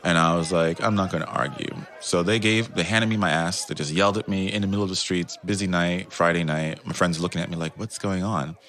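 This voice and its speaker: A man's voice: deep voice, a little fast, few pauses. A man on a podcast, telling a casual story and acting out the voices of the people in it. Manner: animated, acts out quoted voices. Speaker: podcast guest. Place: Netherlands.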